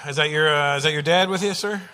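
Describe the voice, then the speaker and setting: A man doing stand-up comedy from Canada, animated and teasing the audience as he tells stories on a large theater stage. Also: fairly high pitch, fast talker, heavy background noise. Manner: animated, teasing audience members, puts on voices. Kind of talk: stand-up comedy with crowd work.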